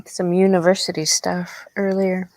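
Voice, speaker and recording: A woman hosting a casual voice chat, talking in a relaxed, halting way and sounding tired. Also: on the low side, no room sound. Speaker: host.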